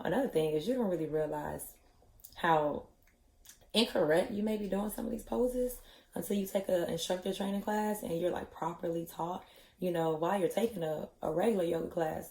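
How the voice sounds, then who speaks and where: A woman's voice: low-pitched, creaky, warm tone, slight background noise. Candid woman vlogging in an echoey room. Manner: chatty, candid, many "you know" fillers. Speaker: vlogger, yoga instructor trainee. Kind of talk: casual personal vlog.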